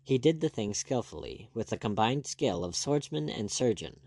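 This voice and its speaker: A narrator reads an audiobook aloud from a script, steady and measured, in a medium-pitched voice with no room sound.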